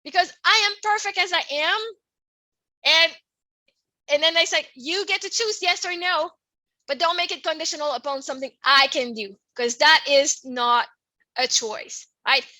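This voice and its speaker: Bright, high-pitched chatty podcast woman. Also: moderate pace, no room sound, low-quality recording. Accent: French Canadian. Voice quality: expressive, laughs often, swings from soft to loud. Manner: rambling, repeats "right?" and "like". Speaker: podcast host. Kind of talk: casual personal monologue.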